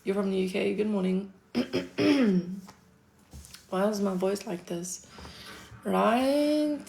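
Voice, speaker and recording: A woman's voice: mid-range voice, slow pace, creaky, mellow, slight background noise. A South African woman chatting casually on a livestream, answering her chat with a laid-back manner, frequent laughs and casual swearing.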